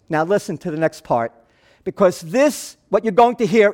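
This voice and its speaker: A man pastor preaching a sermon, telling the story in an animated way that swings between loud and hushed. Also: high-pitched, moderate pace.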